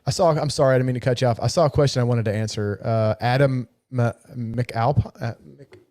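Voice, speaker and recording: A man's voice: medium pitch, fairly quick, darkish tone. A middle-aged man co-hosting a live podcast in casual, talkative chat, swearing freely and laughing easily. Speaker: podcast co-host.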